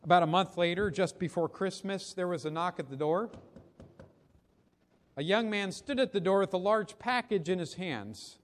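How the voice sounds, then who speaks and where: A man preaching a sermon, telling a story slowly and deliberately in a solemn manner. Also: sits high. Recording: long reverb of a big hall.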